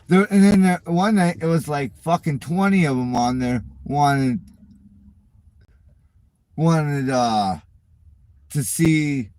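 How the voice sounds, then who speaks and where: A man's voice: a little high, darkish tone, no echo. Middle-aged male channel host, casual profane rant, mocking and exasperated, dry close sound. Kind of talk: casual rant at viewer comments.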